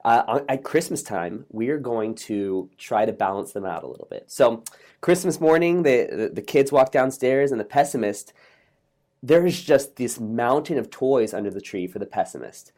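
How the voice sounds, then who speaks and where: A man's voice: medium pitch, moderate pace. Upbeat storytelling man. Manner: energetic, optimistic, acts out voices in a joke. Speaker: podcast guest, author. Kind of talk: casual interview storytelling.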